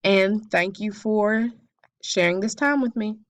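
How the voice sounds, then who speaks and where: A woman's voice: medium pitch, takes it slowly, dry recording. Woman reading a class presentation, dry. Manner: careful, read-aloud delivery with occasional slips. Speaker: student presenter.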